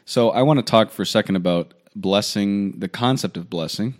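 Man in his thirties, priest-host on a podcast; lowish voice, easygoing rambling banter. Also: normal speed. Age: 30s. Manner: joking, rambling, self-deprecating.

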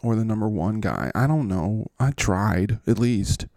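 A man's voice: fairly low pitch, animated, a little slow, mellow, dry recording. Brief: petulant, self-pitying benched quarterback, played by a man, in a dry close voice. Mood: sulky. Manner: whining, sulky, self-pitying. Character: whiny benched adult male quarterback, petulant.

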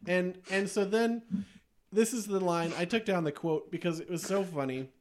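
A man hosting a podcast, chatting casually about movies, enthusiastic and quick to laugh as he recounts scenes with plenty of fillers. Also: high-pitched, a little mellow, slight background noise. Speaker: podcast host.

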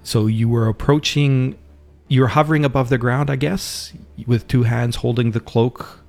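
A man narrating as game master of a tabletop game, relaxed and rambling, talking into a home mic on a voice call. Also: mid-range voice, normal speed, creaky.

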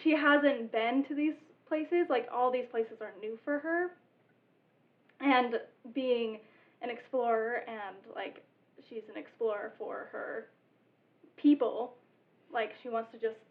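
A woman's voice: on the high side, fairly even intonation, slow. A woman chatting casually about her tabletop game character, giggling often and filling with "like". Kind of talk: casual group chat about a campaign. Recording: tinny, phone-like sound.

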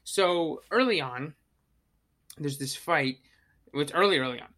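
Animated bright-voiced podcast co-host. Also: medium pitch, measured pace. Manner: animated, swears, acts out own reactions. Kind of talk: casual movie review chat.

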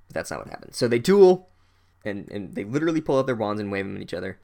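A man recapping a book as a comedic monologue, sarcastic and profane, with deadpan asides and loud incredulous outbursts. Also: fairly low pitch, fast talker, gravelly. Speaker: podcast host recapping a book.

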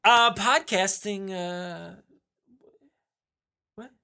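A man's voice: high voice, drawn-out words, creaky, pushed and bright, clean tone. A man co-hosting a podcast in casual chat, rambling and laughing, swearing freely. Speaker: podcast co-host.

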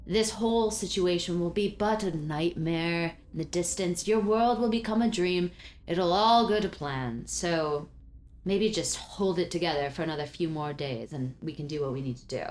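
A woman voicing a calm, dismissive disguised creature in a tabletop game. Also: lowish voice, moderate pace, slight background noise, natural voice. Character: cold, lazy disguised creature. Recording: roomy echo.

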